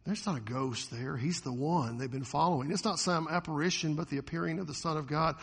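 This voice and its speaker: Husky high-voiced preacher in a reverberant hall. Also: male voice, fairly quick. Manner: animated preaching, acting out the disciples' voices. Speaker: pastor. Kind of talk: sermon.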